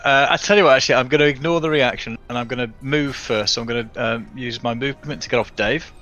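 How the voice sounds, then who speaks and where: Bright-voiced chuckly male player. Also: medium pitch, quick pace, lo-fi sound, faint music behind. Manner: chuckly, thinks aloud with fillers. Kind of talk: casual tabletop play chat.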